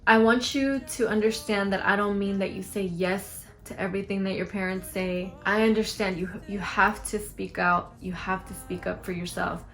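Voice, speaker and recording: A woman's voice: mid-range voice, normal speed, few pauses, faint music behind. A young woman vlogger talking frankly to camera, giving advice and acting out lines of dialogue. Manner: frank, animated, acts out quoted lines.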